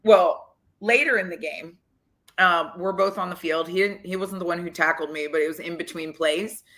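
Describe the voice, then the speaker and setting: A woman guest on a podcast interview, telling animated stories and acting out the quotes with big jumps in pitch. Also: moderate pace. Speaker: guest, former football coach. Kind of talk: lively storytelling in a podcast interview.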